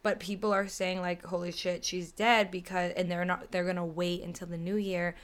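A woman's voice: lowish voice, level tone, normal speed. Giggly rambling young woman podcaster. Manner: rambling, giggly, swears casually. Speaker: podcast co-host. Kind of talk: casual chat.

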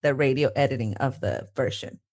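A woman's voice: extremely low pitch, a little fast, a little mellow. A woman in her thirties co-hosting a podcast in casual chat, laughing often and mixing in Spanish phrases. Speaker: podcast co-host.

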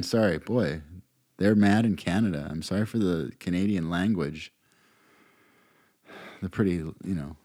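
Man, podcast host, very low voice, sarcastic, meandering, dry close recording. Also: warm tone, dry recording. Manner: meandering and sarcastic, with frequent restarts. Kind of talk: rambling political commentary.

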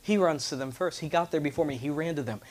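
A man preaches to his congregation, spinning a lively story. He acts out the voices of the people in it and climbs to loud exclamations. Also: fairly high pitch, fast. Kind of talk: sermon storytelling. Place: church with congregation responding.

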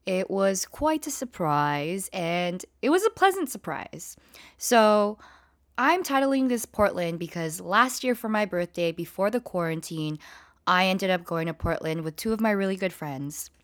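A woman's voice: mid-range voice, unhurried, no echo, clean studio sound. Chatty, profane woman telling a story. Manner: chatty, profane, animated retelling. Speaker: vlogger. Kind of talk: casual storytime.

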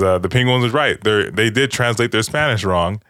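A man's voice: medium pitch, fast, hardly any pauses, fairly bright tone, no echo, clean studio sound. A man casually recapping a movie with friends, rambling, swearing and acting out lines.

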